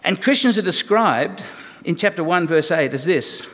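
A man in his fifties preaching a sermon, his fairly high voice carrying a long echo through the church hall. He talks conversationally, asking the listeners rhetorical questions as he goes. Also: expressive, moderate pace, fairly bright tone. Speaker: pastor.

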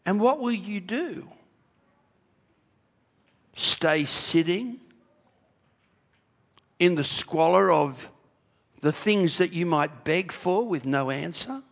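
Slow gravelly preacher guy, voice swings up and down a lot, long echo from a big church hall. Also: high-pitched, expressive. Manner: emphatic, rhetorical questions, repeats key phrases. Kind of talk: sermon. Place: church sanctuary.

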